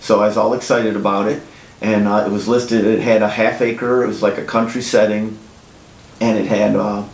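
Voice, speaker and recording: A man who flips houses, telling his own story in a blunt, casual, profane way and getting animated when he quotes himself. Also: moderate pace. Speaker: house flipper. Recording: echoey room with faint rumble.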